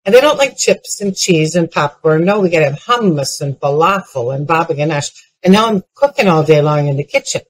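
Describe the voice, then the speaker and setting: An older woman with a low voice speaks fairly quickly as the keynote speaker, telling humorous personal anecdotes that build to punchlines. Her delivery is lively with frequent restarts, and the recording is rough.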